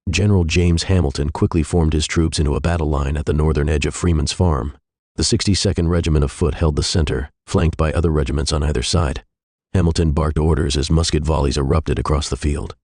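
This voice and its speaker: A man narrating a historical fiction story in a measured, even way. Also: very deep voice, dry recording, clean studio sound.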